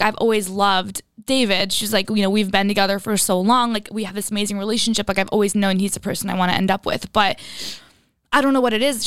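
A young woman in casual chat, telling a story with lots of "like" and lively retellings. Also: mid-range voice, smooth, no echo, studio quality. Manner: storytelling, animated retellings full of "like".

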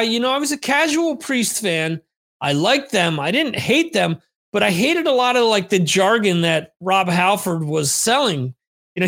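A male podcast host rambles through his memories in a loose, unscripted monologue. His voice sits high for a man. He curses freely and often doubles back mid-sentence. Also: vocal fry, a bit bright. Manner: rambling, profane storytelling. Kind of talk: casual monologue, answering listener questions. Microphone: on camera, streamed video.

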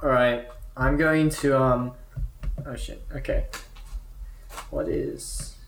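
A man's voice: mid-range voice, fairly even intonation, takes it slowly, roomy sound, slight background noise, low-quality recording. A man playing a tabletop game, hesitating as he picks his action. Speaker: player. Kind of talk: casual chat at a game table.

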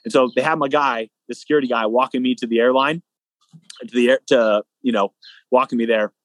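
A young man, a guest athlete, telling a long story in a casual, animated way, acting out both sides of the dialogue. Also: mid-range voice, a little fast, dry recording.

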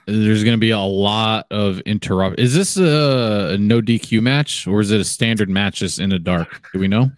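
A man's voice: lowish voice, normal speed, few pauses, no echo, studio quality. A man guest-hosting a casual podcast over a video call, giggling and swearing as he talks. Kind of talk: casual chat.

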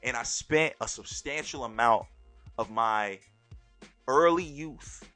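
A young adult man hosting a podcast, telling stories in an animated way and often calling out "ladies and gentlemen". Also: mid-range voice, slow pace, faint music behind. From born in Turkey, raised overseas in a military family. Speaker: podcast host. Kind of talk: solo podcast monologue.

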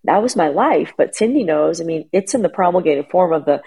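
A woman's voice: on the low side, animated, brisk, vocal fry, mellow, breathy edge, rough recording. A middle-aged woman chatting casually as a guest, telling a long family story with lots of restarts and fillers. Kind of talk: casual chat.

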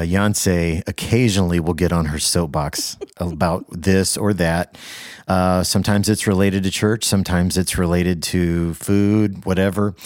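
A man's voice: low-pitched, darkish tone, dry recording, clean studio sound. A man co-hosting a podcast in laid-back, playful banter. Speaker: podcast co-host. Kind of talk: casual podcast chat.

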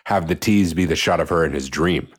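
A man with a very low voice discusses a movie in a calm, measured way. His remarks carry a dry, wry edge as he weighs the story. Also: slightly rough. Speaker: podcast co-host.

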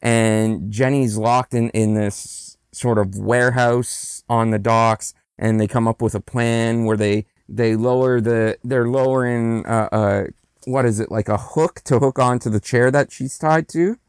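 A man's voice: medium pitch, steady tone, measured pace, smooth, no echo, studio quality. A man co-hosting a podcast, casually retelling a movie plot with frequent restarts and laughs. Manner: rambling, restarts, laughs often. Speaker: podcast co-host. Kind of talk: casual movie recap chat.

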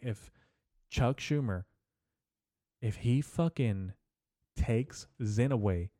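Brief: male podcast host, rambling profane comic rant, mellow dark tone. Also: lowish voice, dry recording, clean studio sound. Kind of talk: casual comedic rant.

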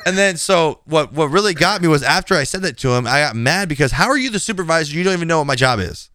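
A man's voice: on the high side, animated, fast, bright, forceful tone, no echo, studio quality. A male podcast host in casual chat, telling a story bluntly and animatedly, acting out the quoted lines and swearing now and then.

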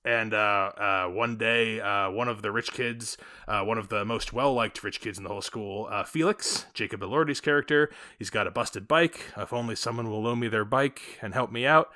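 A man with a bright, forward voice co-hosts a casual movie podcast. He talks in an animated way, throwing in quick asides and the odd swear. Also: fairly low pitch. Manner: animated, quick asides, swears, mimics others in quoted bits. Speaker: podcast co-host. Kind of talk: casual movie review chat.

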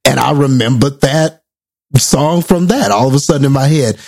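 A man's voice: medium pitch, normal speed, creaky, darkish tone, dry recording, studio quality. A man in his thirties chatting casually and breaking into playful snatches of song. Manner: playful, sings snatches of old TV theme songs. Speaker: podcast co-host. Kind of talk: casual chat.

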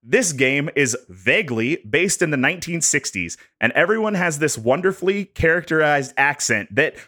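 Animated man presenting bullet points. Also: fairly high pitch, normal speed. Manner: animated, jokey, reads prepared bullet points. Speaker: podcast host presenting research. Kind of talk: casual podcast chat.

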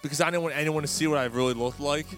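A man hosting a podcast, telling a story in a casual, animated way and swearing often. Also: on the high side, very fast, faint music behind. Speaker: podcast host.

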